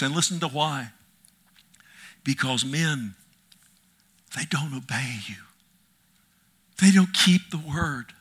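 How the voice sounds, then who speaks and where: A middle-aged male preacher delivering an impassioned sermon, swinging from loud cries to hushed near-whispers. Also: fairly high pitch, unhurried, pauses often.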